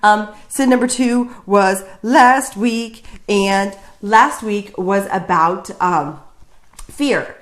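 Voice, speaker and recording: Woman, casual vlog chat, jokey, filler-heavy, mid pitch, roomy echo. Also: drawn-out words. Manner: chatty and jokey, many fillers. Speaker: vlogger sharing Bible reflections.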